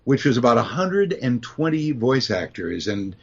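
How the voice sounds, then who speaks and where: A man, a voice actor, telling anecdotes as an interview guest in an animated storytelling manner. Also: mid-range voice, normal speed. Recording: dull lo-fi remote audio.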